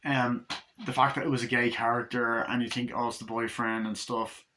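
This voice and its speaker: A young man with a bright, forceful voice reviews a film in loose, casual talk. He rambles from point to point and swears freely. His pitch sits in an ordinary middle range. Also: little pitch movement, moderate pace, slight background noise, poor audio. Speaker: movie reviewer.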